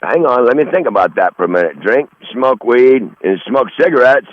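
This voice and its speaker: A blustery man rambles in crude, profane chat while sitting out in his garden. His voice is mid-pitched and comes through a dull, lo-fi phone line with a dry sound. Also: expressive, fairly quick, dry recording. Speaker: regular call-in guest.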